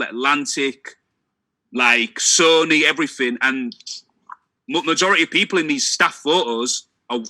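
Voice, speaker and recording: A man's voice: medium pitch, sharp tone. A young man in casual chat, speaking emphatically and often closing lines with "man". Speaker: discussion guest.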